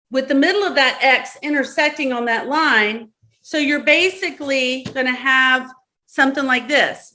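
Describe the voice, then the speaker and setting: A woman's voice: sits high, bright, forceful tone. A woman with a Southern accent leading a live-streamed workshop, giving step-by-step instructions, repeating key words and checking in often. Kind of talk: instructional talk to a live audience.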